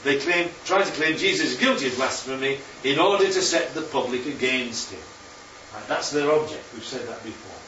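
Speaking at a moderate pace with a medium pitch, this Bible study teacher has a pushed, bright sound and a chatty style, frequently checking that his audience is following his slides. It was captured in a hall, so it comes across muffled, distant and roomy, with a little background noise.

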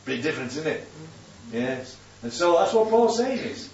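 A man's voice: fairly high pitch, sing-song, moderate pace, a little mellow. A man preaching a Bible sermon in a conversational way, often checking in with "yeah?". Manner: conversational, keeps asking "yeah?". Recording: distant, roomy, dull recording with faint hum.

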